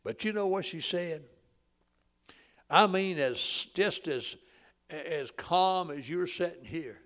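A man, preaching a sermon in a folksy storytelling way that swells loud and drops to a hush. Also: a little high, slow pace. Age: 80s.

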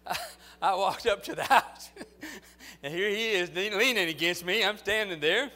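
A male pastor telling stories in a sermon, moving from low, quiet storytelling to loud, fervent exhortation. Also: moderate pace.

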